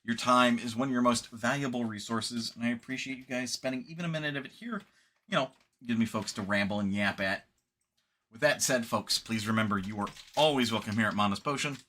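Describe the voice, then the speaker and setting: A man's voice: mid-range voice, fairly quick, pushed and bright. A man streaming games, wrapping up in casual rambling chat, tired and yawning late at night. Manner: rambling, laid-back, sleepy.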